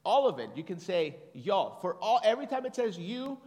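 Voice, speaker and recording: A slightly higher-voiced man preaches in a relaxed, chatty way, reading scripture aloud and getting the congregation to answer him. His voice carries through a large church sanctuary with a long, ringing reverb. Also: normal speed. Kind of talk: conversational sermon.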